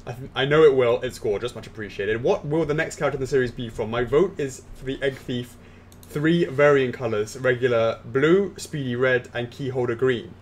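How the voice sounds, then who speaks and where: A man's voice: medium pitch, moderate pace, a little hiss or hum. A man hosting a casual Q&A stream, reading viewer questions aloud and answering them offhand. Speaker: host answering fan questions. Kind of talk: casual livestream Q&A.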